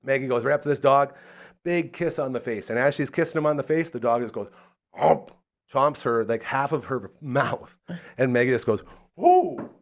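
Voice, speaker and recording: A man's voice: medium pitch, brisk. Guy hosting a live show, chatty, tells stories with lots of energy and does little voices. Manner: animated storyteller, acts out the voices in his stories. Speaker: radio show host. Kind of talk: casual live talk-show chat.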